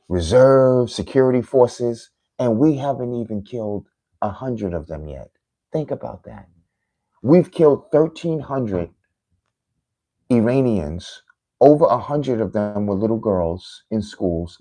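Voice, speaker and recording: A man's voice: lowish voice, mellow, no echo, poor audio. A man giving an impassioned political rant on a livestream, lecturing his viewers and addressing them directly.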